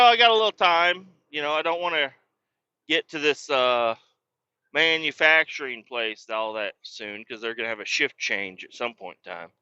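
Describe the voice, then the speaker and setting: A man's voice: medium pitch, bright, forceful tone, clean tone, dry recording, dull audio. A man, a truck driver, hosting a podcast and telling a rambling story in casual, profane talk, raising his voice when he quotes people.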